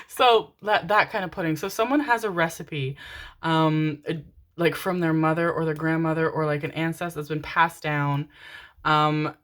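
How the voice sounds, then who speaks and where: A woman's voice: low voice, fairly even intonation, normal speed, a bit bright. A woman giving a casual pick-a-card tarot reading, chatty and rambling, often breaking into laughter.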